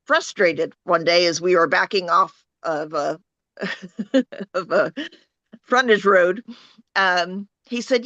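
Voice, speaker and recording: A woman's voice: on the low side, slow pace, long pauses, pushed and bright, no room sound. Laughing woman guest on a dull line. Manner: laughing, anecdotal. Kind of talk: casual chat.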